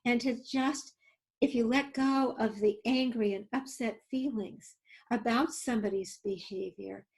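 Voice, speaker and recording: An older woman with a high, squeaky voice, leading a webinar workshop and telling stories with many fillers and restarts. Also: steady tone, a little slow. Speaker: workshop leader and webinar presenter. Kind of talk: storytelling in a webinar talk.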